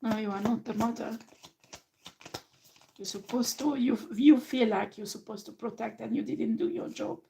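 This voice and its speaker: A woman's voice: a little high, vocal fry, mellow, slight background noise, low-quality recording. A woman giving a tarot reading, speaking emphatically and directly to the person she reads for, now and then swearing. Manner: emphatic, talks straight to the viewer, swears. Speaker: tarot reader.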